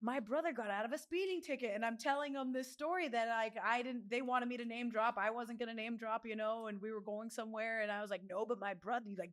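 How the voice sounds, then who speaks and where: A woman in her thirties telling lively stories in a casual interview, acting out other people's voices. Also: brisk. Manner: animated, acts out other voices with big pitch jumps. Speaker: guest, professional fighter.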